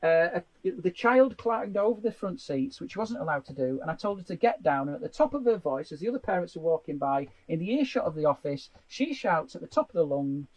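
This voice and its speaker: A comedian host, chatting casually and reading out stories with plenty of laughter. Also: male voice, fairly high pitch, fairly quick, hardly any pauses, dry recording, rough recording. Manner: animated, laughing storyteller.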